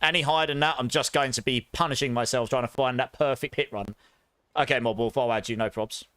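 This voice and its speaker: A man's voice: medium pitch, steady tone, brisk, pushed and bright, no echo. Chatty man streaming a game. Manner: chatty, upbeat, announcing giveaway winners. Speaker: streamer host. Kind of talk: live game stream chat.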